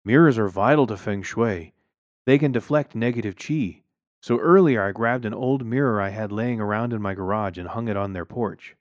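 A man's voice: on the low side, moderate pace, no room sound, close to an everyday voice. Man voicing a laid-back stoner guy, easygoing, slightly raised voice, dry close sound. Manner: easygoing, unbothered.

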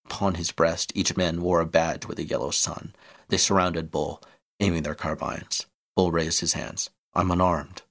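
A man reading an adventure story aloud in a steady, measured way. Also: deep voice, gravelly.

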